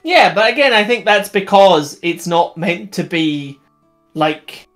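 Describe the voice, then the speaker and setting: A man's voice: sits high, lively intonation, slow pace, a bit bright, faint music behind. A man co-hosting a casual livestream, enthusiastic and laughing often, with rambling restarts. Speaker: co-host.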